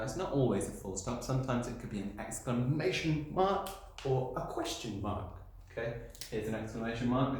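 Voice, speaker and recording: A man's voice: mid-range voice, darkish tone, slight background noise. A man, a primary school teacher, explaining patiently in a recorded video lesson and answering his own questions. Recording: very echoey room sound.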